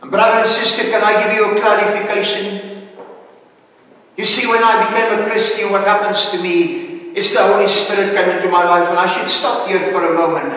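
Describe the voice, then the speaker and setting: A man preaches with a high voice to a Sunday congregation, earnest and at times searching for words. He sounds far from the microphone, his voice carrying through a big echoing hall with a long reverb. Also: steady tone, brisk, sharp tone. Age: older. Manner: earnest preaching, hesitant fillers. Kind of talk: sermon. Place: church service.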